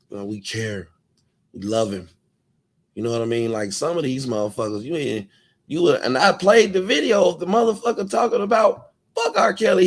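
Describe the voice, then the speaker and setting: A man hosting his own commentary channel, ranting in a casual, profane way and mocking others with quick impressions. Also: fairly high pitch.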